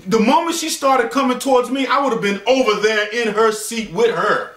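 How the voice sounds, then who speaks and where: Jokey male storyteller, high and bright, slangy asides, echoey room, mic set back. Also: moderate pace, distant mic. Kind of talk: casual bedtime storytelling with joking asides.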